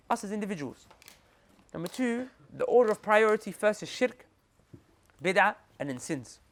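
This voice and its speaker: A young man giving a lively talk to a group as a Muslim preacher, using slang, repeating himself and addressing his listeners directly. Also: high-pitched, gravelly.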